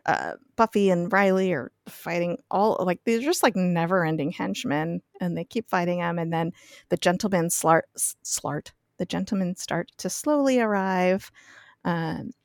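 A woman's voice: lowish voice, moderate pace, dry recording, clean studio sound. A woman casually recapping a TV episode on a podcast, laughing often and acting out the characters' lines. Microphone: podcast mic.

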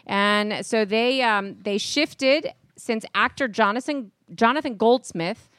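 A woman's voice: a little high, slow, a bit bright, no room sound, studio quality. A woman co-hosting a sports talk show, chatting and retelling a news item between laughs. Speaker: sports radio co-host. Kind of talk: casual studio banter.

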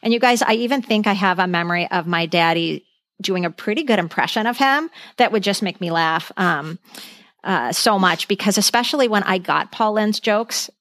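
A woman's voice: medium pitch, normal speed, fairly bright tone, no echo. Chatty woman, dry close mic. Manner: chatty, enthusiastic storyteller reading out trivia lists. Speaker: podcast co-host. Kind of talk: casual chat.

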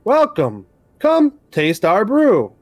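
A man's voice: high-pitched, huge pitch swings, slow, voice pushed up, full character voice. A man doing a cheery clockwork robot greeter. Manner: sing-song greeting, drawn out. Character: cheerful robotic brewery automatons.

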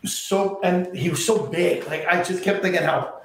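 A man's voice: sits high, normal speed, vocal fry, a bit bright, a little hiss or hum. A man hosting an interview, chatting enthusiastically about actors. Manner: enthusiastic, gushing. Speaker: interviewer host. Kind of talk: casual interview chat. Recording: very echoey, far from mic.

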